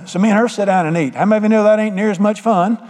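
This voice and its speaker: A man's voice: sits high, quick pace, a little mellow, long reverb tail. A middle-aged man preaching a sermon, telling a folksy story and putting questions straight to the congregation.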